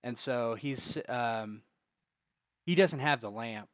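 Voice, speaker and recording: Halting man running a tabletop game. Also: medium pitch, no echo. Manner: halting, many fillers and restarts. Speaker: game master.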